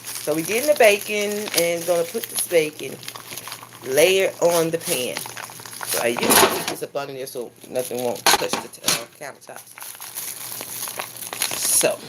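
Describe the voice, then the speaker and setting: Heavy background noise surrounds a deep-voiced woman who livestreams breakfast cooking from her home kitchen. As a cooking vlogger, she keeps things chatty and casual, speaking straight to her audience.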